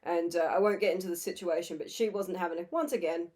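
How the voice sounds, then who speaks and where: A woman's voice: lowish voice, fast, darkish tone. A young woman co-hosting a podcast, telling a night-out story in casual chat and acting out the people she quotes. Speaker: podcast co-host.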